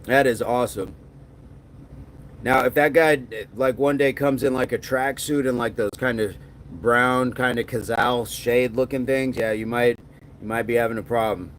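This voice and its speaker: A middle-aged man hosts a livestream in a steady, medium-pitched voice at a moderate pace, with a little hiss or hum in the recording. He reads viewer comments as he goes, keeping a loose, joking manner and repeatedly going into a mock movie-gangster voice for a punchline.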